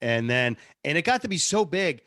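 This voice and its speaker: A man's voice: on the high side, sing-song, moderate pace, fairly bright tone, no room sound, clean studio sound. A man, a radio producer, telling stories casually in an interview, chatty and self-deprecating. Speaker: radio show producer and on-air personality.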